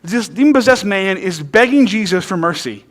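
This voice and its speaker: A man's voice: high voice, lively intonation, moderate pace, fairly bright tone. A man preaching a sermon as pastor, conversational and humorous, often checking in with "right?" and telling stories with emphasis. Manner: emphatic storytelling.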